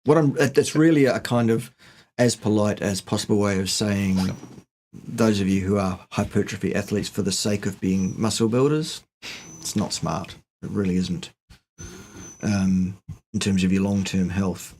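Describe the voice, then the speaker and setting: A man's voice: lowish voice, fairly even intonation, normal speed, darkish tone, a little hiss or hum. A middle-aged man co-hosting a casual live question-and-answer chat, answering viewers bluntly and teasing them with jokes.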